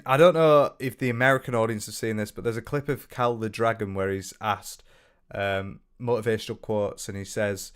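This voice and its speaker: A man's voice: medium pitch, fairly bright tone, clean tone. A British man reacting to a video in a mocking, sarcastic commentary full of swearing. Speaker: commentary streamer.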